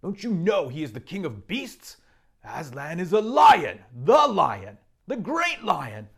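A man's voice: sits high, wildly swooping pitch, takes it slowly, creaky, fairly bright tone, breathy edge, voice pushed up, heavily acted. A man voicing a stern male beaver from a storybook, speaking emphatically and insistently. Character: stern, excitable male beaver, a talking animal.

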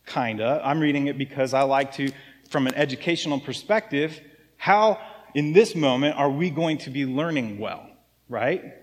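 A man preaching a sermon to his congregation in a relaxed, conversational way, often checking in with "right?". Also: mid-range voice, moderate pace. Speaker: pastor. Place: church sanctuary. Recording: long hall reverb.

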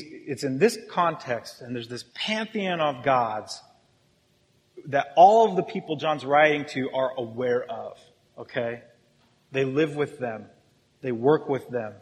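Joking pastor in a reverberant hall. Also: male voice, medium pitch. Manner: casual, joking, talks with the congregation. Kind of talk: sermon. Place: church hall with audience.

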